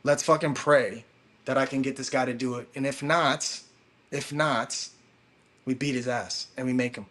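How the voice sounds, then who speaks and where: A man's voice: medium pitch, steady tone, normal speed, fairly bright tone. A man hosting a crypto livestream, telling a story in a casual, profane, slangy way.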